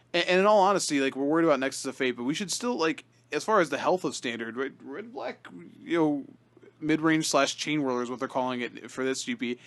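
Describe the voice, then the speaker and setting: A man's voice: mid-range voice, a bit bright. A man co-hosting a casual podcast, talking things over with lots of fillers and restarts. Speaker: podcast co-host. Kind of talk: casual chat about card game.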